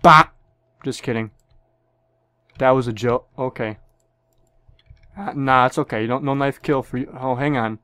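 A man's voice: mid-range voice, a little slow, pauses often, sharp tone, clear, resonant tone, no room sound. A young man giving profane, joking commentary on a shooter game, with sudden yelps. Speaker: gameplay commentator. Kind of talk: casual gameplay commentary.

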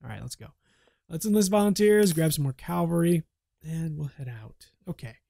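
A man's voice: on the high side, sing-song, moderate pace, creaky, dark tone, no room sound. A man giving casual, playful commentary while playing a game, chatting and dipping into mock role-play. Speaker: gameplay commentator.

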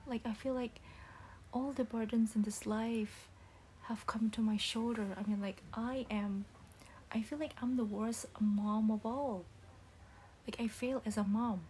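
A hurt but stern single mother scolds softly in a whispered role-play, as a young woman acts her out. The voice sits a little high yet sounds mellow and warm, halting over its words. A faint hiss lies under it. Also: fairly even intonation, natural voice. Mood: hurt, disappointed. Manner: soft-spoken, halting with restarts.

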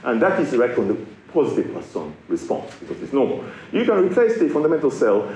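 Middle-aged male lecturer from Japan, witty and animated, heard in an echoey lecture hall. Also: mid-range voice, brisk, slight background noise. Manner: playful, self-mocking, lively delivery. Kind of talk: public science lecture. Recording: roomy lecture hall with faint ambience.

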